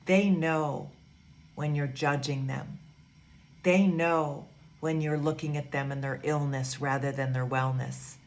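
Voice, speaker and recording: A woman giving a gentle, soothing teaching talk, repeating phrases softly as she guides her students. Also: deep voice, fairly even intonation. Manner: soft, slow, repetitive, soothing. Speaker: spiritual teacher.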